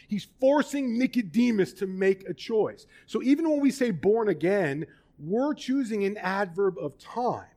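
A man with a high voice preaches a sermon. He speaks with emphasis and animation, often putting questions to his listeners.

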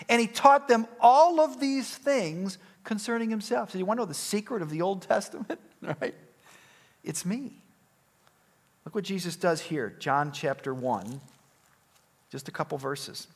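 A male pastor delivering a sermon with a fairly high voice that rises and falls a lot. He acts out the quoted dialogue, swinging from loud, raised lines down to hushed asides.

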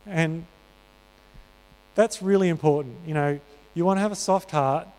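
Earnest preacher in a ringing hall. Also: male voice, fairly high pitch, normal speed, darkish tone, clear, resonant tone. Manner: earnest, conversational, many fillers. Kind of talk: sermon. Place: church hall. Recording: reverberant church hall.

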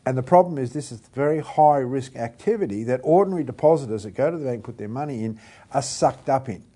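A man's voice: medium pitch, quick pace, dark tone, slightly rough. An Australian man co-hosting a political talk show, explaining his points at length and stressing them over and over. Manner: explanatory, builds points with repeated emphasis. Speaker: co-host.

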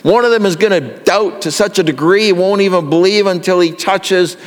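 A man's voice: high voice, normal speed, big-room sound. A male pastor delivering an earnest sermon that builds in intensity.

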